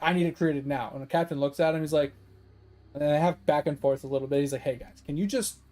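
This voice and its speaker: A man's voice: fairly high pitch, poor audio. A man telling a long story casually while streaming a game, swearing freely and acting out the people he quotes. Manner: profane, animated storyteller who acts out quoted voices.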